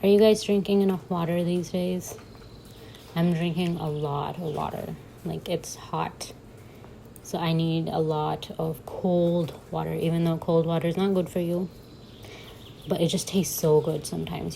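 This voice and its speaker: A young woman talks casually over her journaling footage, chatty and quick to laugh at herself. Her voice sits a little low with a gravelly, fry-tinged edge. A faint hiss runs under the recording. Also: steady tone, mellow, poor audio. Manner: chatty and giggly, self-mocking asides. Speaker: bullet journal vlogger.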